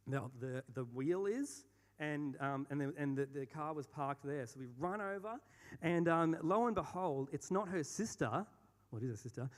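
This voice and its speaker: A young Australian man telling a rambling, self-deprecating story on stage, with many fillers and restarts. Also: on the high side. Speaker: speaker. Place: large hall on stage. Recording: long hall reverb.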